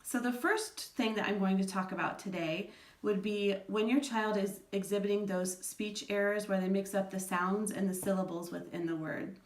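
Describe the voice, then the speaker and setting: A mid-pitched woman speaks patiently to parents, breaking words into syllables as she explains. Her voice carries a roomy echo. She sounds a little way off from the microphone. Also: fairly even intonation, normal speed, distant mic. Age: adult parent of school-age children. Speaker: educator giving parenting advice. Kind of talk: instructional talk to parents.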